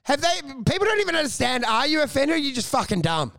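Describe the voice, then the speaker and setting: Gravelly, bright-voiced comedian. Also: male voice, very high-pitched, very fast, slight background noise. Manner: swearing, animated, acting out characters. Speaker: comedian, podcast co-host. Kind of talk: casual comedy podcast storytelling.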